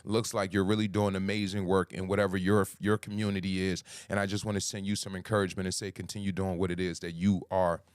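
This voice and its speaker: A man hosting a livestream as a life coach, greeting viewers by name and talking slowly and emphatically, repeating his key phrases. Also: low-pitched, flat delivery, clean tone, no echo, studio quality. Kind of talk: motivational livestream talk.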